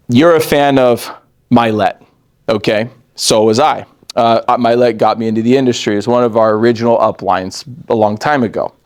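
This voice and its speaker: A man in his forties running a live training session for a sales team, animated and joking, laughing often and talking straight to the room. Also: medium pitch. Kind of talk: live training talk to an audience.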